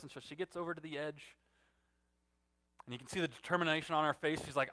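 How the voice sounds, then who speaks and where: Guy pastor in his 30s preaching, kinda high voice, gets loud then drops real quiet. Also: fairly even intonation, fast talker. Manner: storytelling, swings from loud emphatic to hushed and soft. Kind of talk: sermon.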